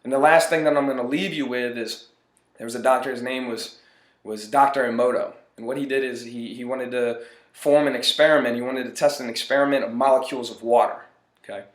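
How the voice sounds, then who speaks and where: A man's voice: mid-range voice, fairly even intonation, brisk. Earnest man with a roomy echo. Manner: earnest, repeats phrases for emphasis. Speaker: motivational speaker. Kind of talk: motivational monologue.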